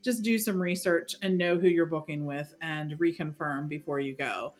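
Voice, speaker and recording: A woman co-hosting a casual podcast, giving friendly, measured advice. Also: low voice. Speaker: podcast co-host.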